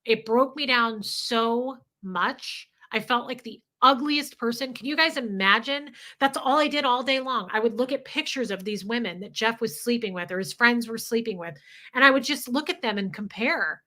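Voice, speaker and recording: A woman's voice: on the high side, normal speed, bright, forceful tone. A woman hosting a livestream, talking candidly and emotionally, swearing freely as she reads viewer comments. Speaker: livestream host.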